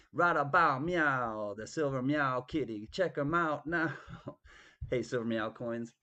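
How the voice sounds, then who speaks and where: A man's voice: fairly high pitch, a little slow, bright, forceful tone. A man hosting a live online auction, greeting viewers by name in a playful, drawling way with bits of song. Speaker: auction host. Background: guitar music.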